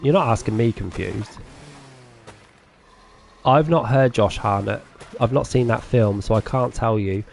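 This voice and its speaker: A man's voice: lowish voice, a little slow, gravelly, long pauses, darkish tone, soft background music. A man with a Norfolk English accent chatting casually with viewers while streaming a farming game, chatty and self-deprecating, laughing often. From England.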